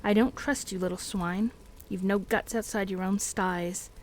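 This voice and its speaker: A woman voicing a big brutal male orc captain, speaking in a slow, deep growl. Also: steady tone, slight background noise, close to an everyday voice. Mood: domineering. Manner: blunt, slow and domineering.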